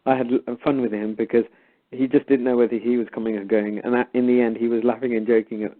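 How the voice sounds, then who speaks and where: Speaking fast in a mid-range voice, a man relates a story on a call-in show, animatedly quoting both himself and the other person. It's casual storytelling, and the sound comes through as phone-line audio.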